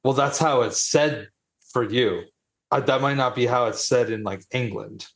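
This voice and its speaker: A man's voice: medium pitch, normal speed, vocal fry. A man co-hosting a podcast in casual, laid-back banter, tossing in "dude.". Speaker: podcast co-host. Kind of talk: casual chat.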